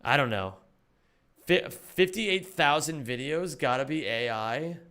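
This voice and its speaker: A man reacting on a live stream, animated and thinking aloud with casual swearing. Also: on the high side, slow, clear, resonant tone.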